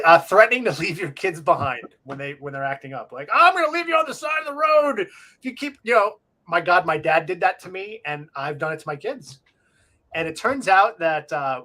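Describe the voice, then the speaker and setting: A man's voice: fairly high pitch, a bit bright. A middle-aged man from Long Island co-hosting a casual talk show, rambling and self-deprecating with many restarts. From Long Island, New York. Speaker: co-host. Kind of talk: casual podcast chat.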